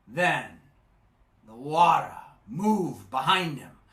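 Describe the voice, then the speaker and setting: Guy reciting a poem on stage, bright rhythmic delivery, roomy echo. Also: on the high side, expressive, very slow. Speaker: poetry reciter. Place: live festival stage. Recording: echoey live stage.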